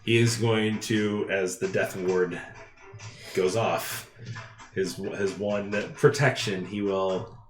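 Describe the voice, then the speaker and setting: A man's voice: deep voice, steady tone, takes it slowly. A man running a tabletop game as game master, explaining rules with frequent restarts and fillers. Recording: roomy sound with music behind.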